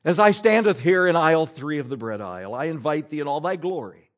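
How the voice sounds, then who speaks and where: A man's voice: fairly high pitch, expressive, brisk, lightly acted. A man voicing a pompous man praying in overblown, old-fashioned churchy English. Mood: mock-solemn. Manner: solemn, overblown, archaic phrasing.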